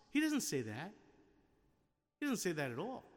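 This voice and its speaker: A man's voice: sits high, very animated, normal speed, big-room sound. A man preaching a sermon in a conversational way, asking the congregation questions and acting out little scenes. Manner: conversational, with rhetorical questions and acted-out quotes.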